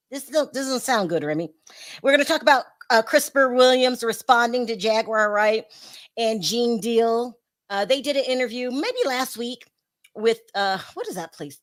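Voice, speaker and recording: A woman hosting a casual online celebrity gossip show, chatty and quick to laugh, often restarting her sentences. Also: a little high. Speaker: show host.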